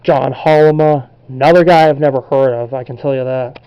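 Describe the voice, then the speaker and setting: A young man talks casually to his camera, relaxed and rambling, often stumbling over names. His voice sits at an ordinary middle pitch. The sound is dull and lo-fi, like home camera audio. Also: quick pace, clean tone. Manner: relaxed and rambling, unsure of name pronunciations. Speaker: collectibles vlogger.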